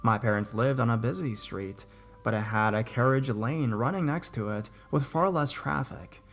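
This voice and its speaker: A young man narrating scary stories in a steady reading voice that rises at the shocking parts. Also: medium pitch, moderate pace, a little hiss or hum. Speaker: horror story narrator. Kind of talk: scripted horror story narration.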